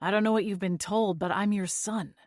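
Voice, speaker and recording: A woman voicing a stressed, anxious young man who pleads in a strained, soft voice. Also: mid-range voice, fairly even intonation, brisk, no room sound, studio quality, lightly acted.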